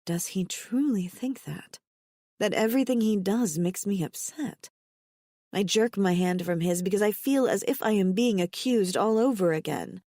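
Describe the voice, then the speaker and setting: Woman audiobook narrator, first-person romance, intimate measured read, dry close sound. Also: medium pitch, dark tone, no room sound.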